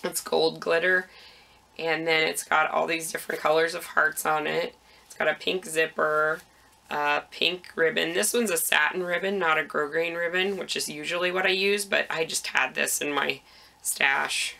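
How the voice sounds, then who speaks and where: A woman's voice: sits low, steady tone, moderate pace, vocal fry, pushed and bright. A woman hosting a knitting podcast, chatting casually about her projects with frequent ums, a little out of breath.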